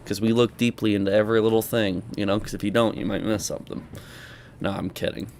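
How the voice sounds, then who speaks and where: Slight background noise accompanies a young man's fast, fairly low-pitched voice as he hosts a reaction commentary. He jokes and exclaims to his viewers in a casual, animated manner, adding sarcastic asides.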